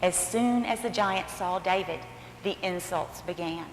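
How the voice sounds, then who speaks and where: A woman's voice: on the low side, measured pace, echoey room, long reverb tail, very noisy. A woman pastor telling a Bible story as a dramatic storytelling sermon in a church sanctuary.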